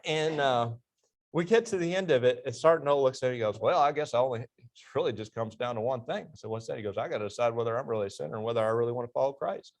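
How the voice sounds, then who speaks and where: A man's voice: medium pitch, fast. Middle aged guy telling army stories in a church class interview, gets fired up, laughs a lot. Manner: animated storyteller, laughs at his own punchlines. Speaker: interview guest, army veteran.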